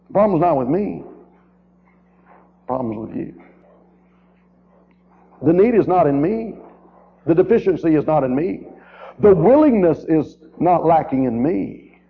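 A fairly high-voiced man preaching a sermon, driving his points home with rhetorical questions and repeated phrases. The sound is thin and boxy, like an old tape played over a phone line. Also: expressive, moderate pace, pauses often. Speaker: guest preacher. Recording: tinny, narrow-band old tape recording.

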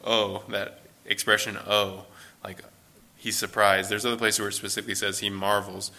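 A man with a lowish, bright and forceful voice gives a conversational Bible lesson. His delivery stays level and even in pitch. He talks loosely, thinking aloud and leaning on "like" as he explains. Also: brisk. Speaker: Bible teacher.

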